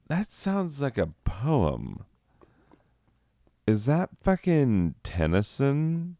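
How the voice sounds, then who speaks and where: Slow-talking, rambling stoned man. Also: medium pitch, huge pitch swings, warm tone, no echo, clean studio sound. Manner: rambling, profane, laughs often at his own jokes. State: high. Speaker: host. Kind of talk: rambling gameplay chat.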